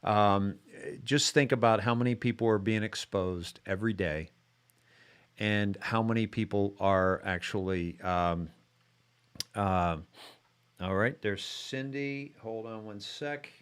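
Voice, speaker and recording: A man hosts a live-streamed talk show in an easygoing, chatty way. His voice sits a little low and comes across smooth and resonant. He rambles, stacking fillers and restarting his sentences as he greets viewers and guests. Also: slow pace. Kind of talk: casual chat.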